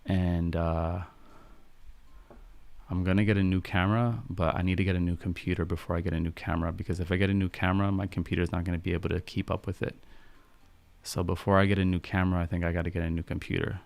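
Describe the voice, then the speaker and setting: A young man hosting a live-stream podcast, calm and soft-spoken, chatting with viewers in an unhurried way. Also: low-pitched, creaky, dry recording. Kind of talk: casual live-stream chat, answering viewer questions.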